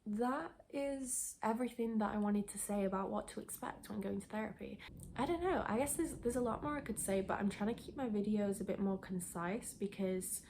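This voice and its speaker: A woman's voice: mid-range voice, fairly quick, gravelly, darkish tone, a little hiss or hum. A young woman vlogger chatting casually to camera, rambling with restarts and a bit out of breath. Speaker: lifestyle vlogger. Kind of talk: casual sit-down chat to camera.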